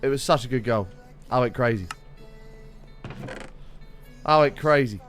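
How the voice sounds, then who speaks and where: A young man hosting a casual gaming live stream, greeting viewers by name and chatting with excitable bursts, his voice slightly rough. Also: medium pitch, unhurried, soft background music.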